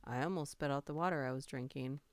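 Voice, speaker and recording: A woman's voice: extremely low pitch, fast, no echo. A woman hosting a casual livestream, reading funny stories aloud, laughing and greeting her chat.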